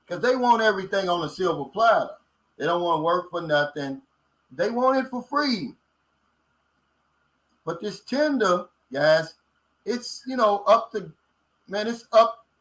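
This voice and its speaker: A man in his late fifties with a Kentucky country accent talks in a casual vlog chat. His voice sits a little high for a man. His delivery is folksy and blunt, and he keeps tossing in "man" as he reacts to viewer comments. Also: a bit bright, poor audio. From Kentucky, USA. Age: 50s. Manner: folksy and blunt, drawls out filler words. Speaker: vlogger reading viewer comments.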